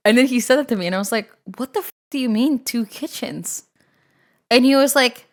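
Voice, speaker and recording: A woman streamer chatting casually with her live chat, excitable and quick to swear and laugh. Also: high-pitched.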